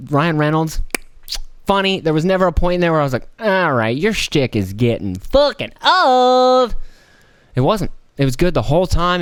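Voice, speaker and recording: A man's voice: medium pitch, smooth, no echo, studio quality. An American man hosting a casual solo podcast, rambling and profane, slipping into mocking put-on voices. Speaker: podcast host.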